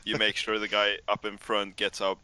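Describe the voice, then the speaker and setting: Blunt, crisp-voiced player man. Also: on the low side, monotone, moderate pace, bright, forceful tone, low-quality recording. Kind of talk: casual gaming chat.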